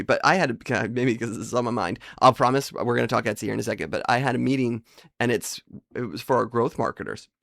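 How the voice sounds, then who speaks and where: A man hosting a podcast, telling rambling, self-deprecating stories in a casual monologue and slipping into quick voice impressions. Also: medium pitch, gravelly, a bit bright, no echo, clean studio sound. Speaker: podcast host.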